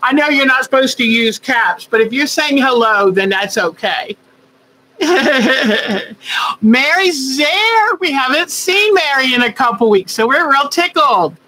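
A woman's voice: high-pitched, animated, measured pace, pushed and bright, low-quality recording. A woman hosting a quilting live stream, chatting casually and greeting viewers by name with rambling asides.

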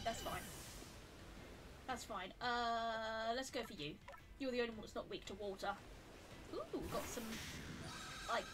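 A woman giving chatty live commentary while she plays a video game, talking to the game and rising into flustered high squeals. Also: background noise. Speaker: game streamer.

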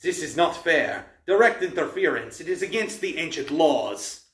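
A man's voice: on the high side, lively intonation, normal speed, fairly bright tone, pitched above the performer's own voice. A man voicing a vicious male monster, with strained, wailing threats. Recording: roomy, distant mic.

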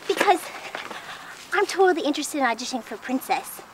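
Woman playing an overeager would-be princess, wheedling, high, bouncy pitch, noisy recording. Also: expressive, fairly quick. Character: eager pushy young woman, would-be princess.

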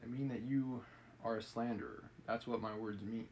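A man's voice: mid-range voice, fairly even intonation, normal speed, darkish tone, a little hiss or hum, natural voice, poor audio. A man reading aloud as a stern, haughty young male witness. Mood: angry. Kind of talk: reading a novel aloud on a live stream.

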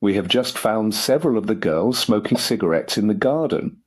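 A man's voice: fairly low pitch, lively intonation, moderate pace, husky, voice pushed up. A man voicing a cold, stern schoolmistress who speaks in icy, clipped, disapproving tones. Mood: angry.

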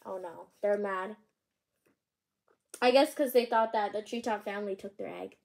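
A woman's voice: mid-range voice, normal speed, vocal fry, darkish tone. A woman reading picture books aloud as a channel host, chatty and bubbly, with asides between lines and the odd stumble over names.

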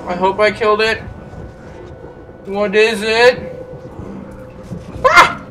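A man commentating a horror game as he plays, jumpy, swearing and yelling at the enemies. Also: high voice, drawn-out words. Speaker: let's play gamer. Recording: distant mic with game music behind.

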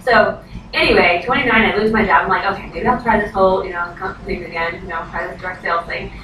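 A woman in her thirties, a direct sales consultant, gives a chatty training talk at a quick pace in a mid-range voice. She acts out quoted voices and says "like" often. The recording is echoey and distant, in a noisy room.

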